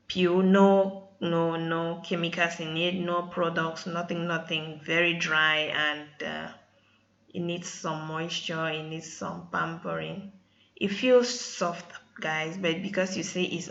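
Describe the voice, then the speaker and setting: A woman's voice: low voice, vocal fry, sharp tone, dull audio. A woman with talking casually over her hair-care vlog, often addressing viewers as "guys". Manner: chatty, keeps saying "guys". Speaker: hair vlogger.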